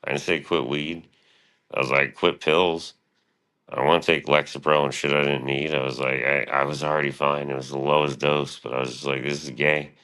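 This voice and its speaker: A man's voice: a bass voice, level tone, brisk, pushed and bright, smooth. A man streaming live, rambling casually and profanely about his past and his show, often quoting himself.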